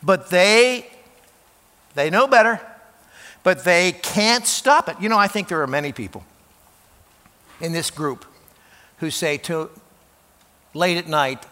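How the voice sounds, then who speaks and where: A man's voice: sits high, lively intonation, takes it slowly, pauses often, pushed and bright, in a large hall. A man preaching a sermon as pastor, talking in a conversational way, restarting and repeating words and building to emphatic stresses.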